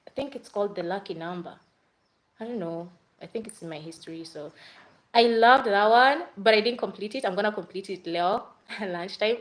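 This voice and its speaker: A woman's voice: medium pitch, low-quality recording. Young adult Kenyan woman, casual livestream vlogger, talkative and rambling. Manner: chatty, rambling, mixes in Swahili fillers. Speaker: vlogger reviewing movies.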